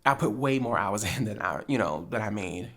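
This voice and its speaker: With a rumbling low voice at normal speed, a New Jersey woman hosts a podcast and tells a story casually. She acts out the quotes with animation and laughs frequently.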